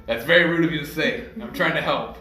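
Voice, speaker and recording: A man voicing a tall, slender cat-folk man who is blunt and dismissive, talking in a flat, matter-of-fact way. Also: fairly high pitch, fast, a crowd in the background, lightly acted. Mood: curt. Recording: echoey room, mic at a distance.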